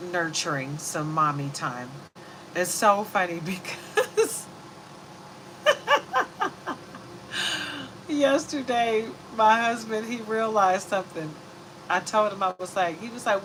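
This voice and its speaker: Chatty, low-voiced woman reader. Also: background noise. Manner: rambling, chatty, laughs easily. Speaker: tarot reader. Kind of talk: casual zodiac reading.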